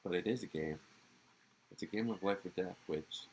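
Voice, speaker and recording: A man's voice: low voice, normal speed, darkish tone, slight background noise, close to an everyday voice, poor audio. A man reading a haughty rich young heir. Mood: cold, haughty. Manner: haughty, dismissive. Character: arrogant rich young male heir, cold and condescending. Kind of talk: reading game dialogue aloud.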